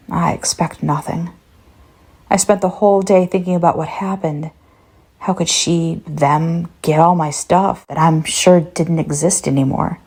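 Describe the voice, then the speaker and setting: A woman narrating a first-person horror story in a tense, measured way. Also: on the low side, a little mellow, breathy edge.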